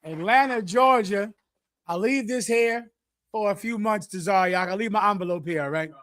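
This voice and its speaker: A man preaching through scripture verse by verse, repeating his points forcefully and acting out an addict's pleading. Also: high-pitched, moderate pace. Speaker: teacher leading a scripture breakdown.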